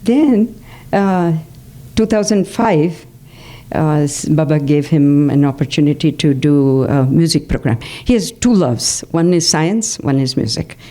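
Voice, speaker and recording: An older woman speaks to a devotional gathering in a community hall, sharing her memories in a chatty way. Her voice sits low and sounds soft and mellow, and she keeps stopping for fillers and little "okay?" check-ins with the room. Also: measured pace. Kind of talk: personal talk to a spiritual group.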